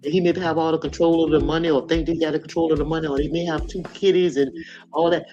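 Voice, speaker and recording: A woman's voice: low voice, steady tone, fast, dull audio. A woman in her sixties hosting a casual live chat, talking frankly in a folksy way and laughing often. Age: 60s. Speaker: live stream host.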